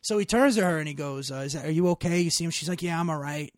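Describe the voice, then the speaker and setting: Animated profane man telling a story. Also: fairly high pitch, rapid-fire, dry recording, clean studio sound. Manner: animated, profane, rising loud when worked up. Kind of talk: casual storytelling chat.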